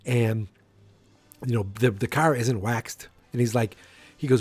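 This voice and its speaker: A man hosting a solo podcast who rambles, restarts his sentences and slips into little acted-out scenes. His voice sounds dry and close, with no room around it, at an ordinary middle pitch. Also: fairly even intonation, measured pace, a little mellow, no room sound. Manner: rambling, self-interrupting, acts out scenes. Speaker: podcast host.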